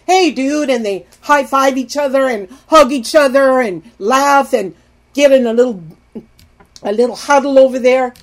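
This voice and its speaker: A middle-aged woman giving an earnest talk on marriage and intimacy, pleading with her listeners, swinging from loud emphasis to soft hushed lines. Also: high voice, moderate pace. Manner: earnest, pleading, addresses viewers as "people". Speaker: Christian marriage teacher. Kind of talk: earnest teaching talk to viewers.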